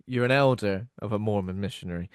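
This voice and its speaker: A man co-hosting a podcast, chatting casually about a film, animated and swearing freely. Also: fairly low pitch, fast, clean tone, no echo, clean studio sound. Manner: animated, swearing, mock impressions. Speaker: podcast co-host.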